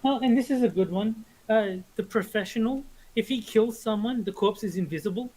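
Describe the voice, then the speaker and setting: A man chats casually on a podcast and explains the rules of a game piece by piece. He talks in an easygoing way, often pausing with fillers and restarting his sentences before he gets to the point. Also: high voice, mellow, low-quality recording. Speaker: podcast co-host.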